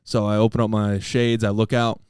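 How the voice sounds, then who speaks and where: A man's voice: on the low side, level tone, a little fast, clear, resonant tone, dry recording, clean studio sound. A man co-hosting a casual podcast, telling a rowdy story with swearing. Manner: rowdy, swearing, shouts quotes. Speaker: podcast co-host.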